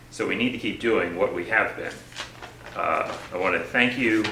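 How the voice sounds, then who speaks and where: A man with a low but bright, forceful voice gives a formal, measured briefing statement. The sound is echoey, as if recorded in a hard press room, with a faint hiss underneath. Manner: formal, measured, thankful civic address. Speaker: county administrator.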